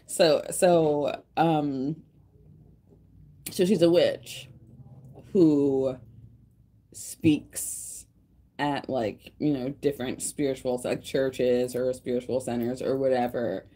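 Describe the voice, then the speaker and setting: A woman's voice: rumbling low, warm tone. A woman hosting a livestream, chatting casually in a rambling, emotional way with many restarts. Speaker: livestream host and tarot reader.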